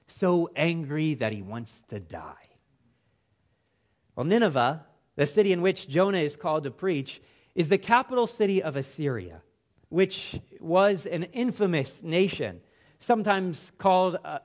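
A man preaching a sermon, with an expressive, emphatic delivery whose phrases fall away at the ends. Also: a little high.

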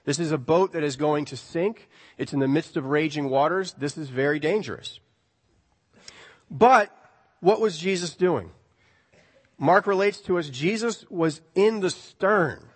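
Male preacher, animated and conversational, rhetorical questions, voice ringing in a large church hall. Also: on the high side, a little slow. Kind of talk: sermon.

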